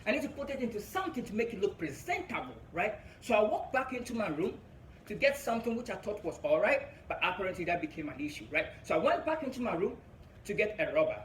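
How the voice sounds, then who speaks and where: A man's voice: high-pitched, sing-song, fast talker, roomy sound, a little hiss or hum, poor audio. A young man from Africa with an African English accent, telling a stand-up story, chuckling at his own jokes and checking in with "right?" between lines. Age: young adult. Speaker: comedian.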